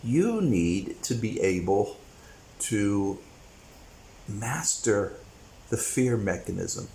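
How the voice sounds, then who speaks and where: Guy with a lowish voice going on an opinion rant, rambly, punches words now and then. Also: sing-song, drawn-out words, mellow, slight background noise, poor audio. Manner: opinionated, rambling, with sudden bursts of emphasis. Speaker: commentary channel host. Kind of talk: opinion monologue.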